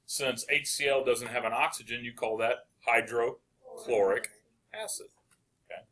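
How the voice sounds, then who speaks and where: A man lecturing a chemistry class with a bright, forceful voice. He poses questions to the room and answers them himself, praising right answers as he goes. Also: medium pitch, fairly even intonation, measured pace. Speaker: chemistry teacher.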